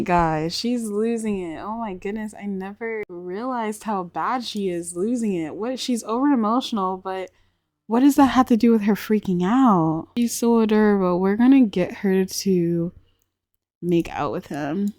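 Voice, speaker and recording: A chatty, excitable young woman commenting on a life-sim game and spinning a story around it, with many fillers. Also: medium pitch, normal speed, no room sound, clean studio sound. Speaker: gaming YouTuber. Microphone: desk microphone.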